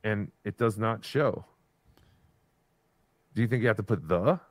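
A man's voice: on the low side, a little slow, no echo. A man hosting a casual live podcast stream, rambling as he reads out viewer donations. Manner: rambling, reads out super chats. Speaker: podcast host.

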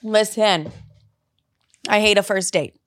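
A woman's voice: mid-range voice, slow pace, no echo. Young female podcast host, brash and talkative, mid-range voice, dry close recording. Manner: blunt, swears a lot, chatty and animated. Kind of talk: casual dating advice monologue.

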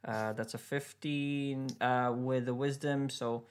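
A man's voice: mid-range voice, slow pace, noisy background. A man playing a tabletop role-playing game, chatting casually and reacting expressively to his dice rolls. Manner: lively and expressive, laughing at his own rolls. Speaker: player.

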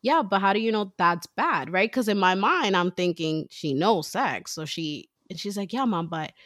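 A woman's voice: mid-range voice, expressive, normal speed, fairly bright tone, no echo, studio quality. A woman in her thirties, a mother and co-host, chatting casually and acting out quoted lines as she tells a story.

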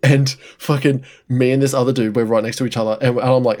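A man's voice: mid-range voice, fast talker. Swearing, laughing young male podcast host. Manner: excitable, swears freely, laughs a lot. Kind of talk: casual chat and storytelling.

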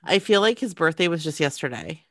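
A woman co-hosting a podcast, chiming in with quick laughs and short agreements. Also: low-pitched, animated, dry recording. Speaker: podcast co-host. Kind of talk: casual podcast chat.

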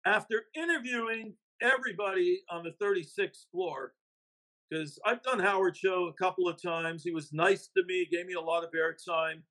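A man's voice: high voice, moderate pace, bright, forceful tone, rough recording. A man, an investigative reporter and author, talking emphatically as a podcast guest. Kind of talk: casual podcast interview.

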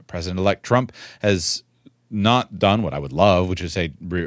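A man giving spoken commentary in a measured, earnest way, repeating words for emphasis. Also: sits low, expressive, no room sound, studio quality.

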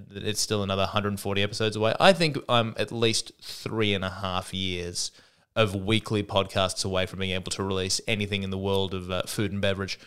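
A man's voice: on the low side, a bit bright, clear, resonant tone. A man with an Australian accent, hosting a solo comedy podcast, rambling and self-deprecating with sarcastic asides.

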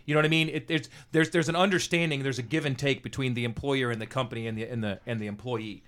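A man with a middle-pitched voice talks quickly and bluntly in a casual podcast chat. He swears freely as he makes his points. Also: fairly bright tone. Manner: blunt, profane. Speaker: podcast co-host.

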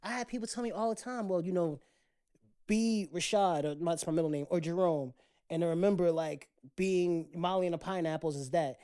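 A man co-hosting a casual podcast, with a fairly high tenor voice, rambling and restarting his sentences often. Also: fairly quick, warm tone, clean tone. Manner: rambling, with many restarts and repeated words. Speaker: podcast co-host.

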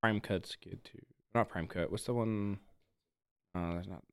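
A man's voice: fairly low pitch, steady tone, a little slow, clear, resonant tone. A man co-hosting a podcast, talking in blunt, teasing casual chat. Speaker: podcast co-host.

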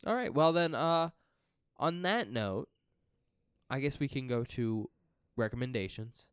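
A man co-hosting a horror film podcast, talking in a measured, explanatory way and steering the segments. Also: mid-range voice, lively intonation, smooth, no echo, studio quality. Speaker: podcast co-host. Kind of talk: casual chat.

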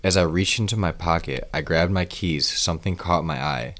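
A man tells a first-person crime story in a measured, grim manner. His voice is extremely low, sitting at the very bottom of the male range. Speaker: narrator.

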